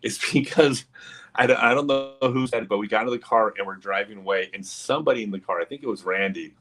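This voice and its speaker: A man hosting a livestream, telling a long story in an animated, casual way with lots of asides. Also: fairly low pitch, fast. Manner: animated, many fillers and asides. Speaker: livestream host.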